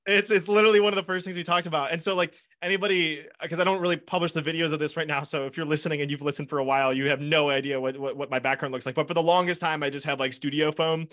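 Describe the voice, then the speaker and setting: A man hosting a podcast, chatting casually with his guest. His voice sits a bit high, and he talks earnestly, rambling and restarting sentences, with the odd swear word. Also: fairly even intonation, very fast, hardly any pauses, a bit bright. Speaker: podcast host. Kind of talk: casual interview chat. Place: home studio with foam panels.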